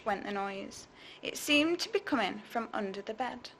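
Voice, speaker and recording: A woman's voice: fairly high pitch, animated, moderate pace, gravelly, fairly bright tone, a little hiss or hum. A woman teacher, reading a storybook to children expressively and stopping to ask them questions.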